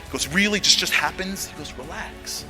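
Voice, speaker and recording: An American man telling a story to an audience, acting out the dialogue and swinging from hushed asides to loud exclamations. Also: sits high, fast talker, music in the background. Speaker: motivational speaker. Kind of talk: animated storytelling talk.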